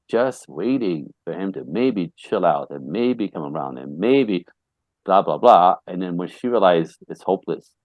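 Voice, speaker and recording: A man's voice: deep voice, a little mellow, dry recording. A man who works as a relationship coach, talking bluntly and emphatically as a podcast guest and laughing often. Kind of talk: casual interview talk.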